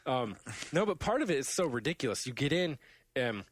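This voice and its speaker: A man in casual podcast chat who tells his gaming stories with plenty of laughter. He bursts into loud imitations of game taunts and then drops back to easy talk. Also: mid-range voice, very animated, fairly quick, slightly rough. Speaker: podcast host.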